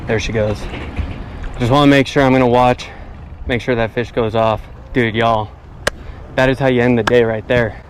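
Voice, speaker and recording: A man in a mid pitch talks straight to his viewers, chatty and casual, as he fishes from a boat on a lake. He keeps saying y'all throughout. The audio comes from an action camera on the boat, with plenty of engine and water noise behind him. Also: steady tone, unhurried, long pauses. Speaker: fishing vlogger. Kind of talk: casual on-camera fishing vlog. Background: boat and water ambience.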